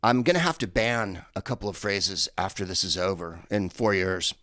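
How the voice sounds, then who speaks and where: Low-voiced man rambling through stand-up. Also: normal speed, sharp tone, dry recording, studio quality. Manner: rambling, hesitant delivery with many fillers. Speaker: comedian. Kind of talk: stand-up comedy set.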